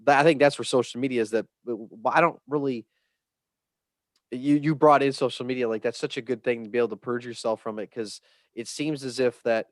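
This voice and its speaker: A man hosting a podcast, talking in an earnest, rambling way that turns animated. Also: medium pitch, a little fast, no room sound. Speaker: podcast host. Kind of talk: casual conversation.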